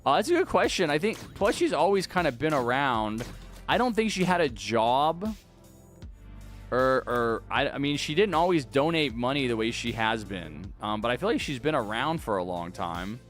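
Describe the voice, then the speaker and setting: A man's voice: medium pitch, big pitch swings, normal speed, faint music behind. Young male streamer arguing with chat. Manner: casual, rambling, argues back at chat with many restarts. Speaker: game streamer. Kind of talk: live-stream chat while gaming.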